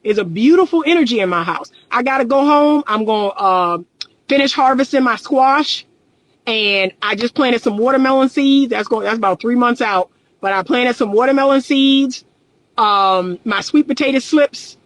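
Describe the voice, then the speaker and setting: A woman's voice: fairly high pitch, moderate pace, no echo, poor audio. A middle-aged woman and relationship coach, talking candidly and emphatically in a casual livestream, repeating her points and often laughing.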